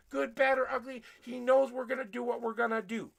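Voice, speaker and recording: A man giving a blunt, profane tarot reading on a livestream, preaching at his viewers and working himself up to yelling. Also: very high voice, level tone, brisk, gravelly. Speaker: tarot reader.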